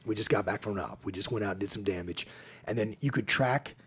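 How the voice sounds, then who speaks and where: A man with a rough, husky voice, sitting low in pitch, recounts old team stories for a podcast. He slips into quoted voices and laughs as he goes, animated in his telling. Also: fast talker. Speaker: podcast guest. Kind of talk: casual storytelling conversation.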